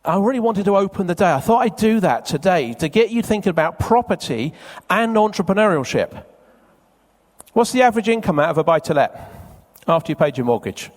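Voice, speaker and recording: A man speaking live to an audience at a seminar, chatty and teasing, quizzing the crowd. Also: sits high. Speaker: event speaker. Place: conference hall with a live audience. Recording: long reverb of a large hall.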